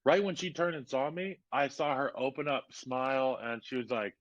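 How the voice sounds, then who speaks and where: A man in his thirties tells a story as a podcast guest, casual and animated, full of fillers and asides. His voice sits in the middle range. The sound is dry and a little dull, like lo-fi podcast audio. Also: mid-range voice, normal speed, no room sound. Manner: animated, lots of "like" and "you know".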